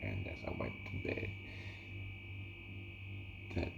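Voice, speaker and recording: A man's voice: takes it slowly, highs cut off, over music. A man rambling in a casual vlog monologue, swearing constantly and chuckling, with a mock-exasperated, slightly tipsy manner. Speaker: vlogger.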